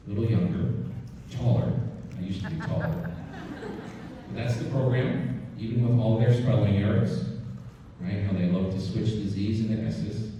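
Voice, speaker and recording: A man delivers a keynote in a large, echoing hall, heard from some distance. His voice is dark and mellow and sits low. He tells stories and keeps checking in with the audience. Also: muffled recording, slight background noise. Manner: animated storyteller, frequently asking "right?". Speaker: keynote speaker. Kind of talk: conference keynote storytelling. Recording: echoey hall, from far off.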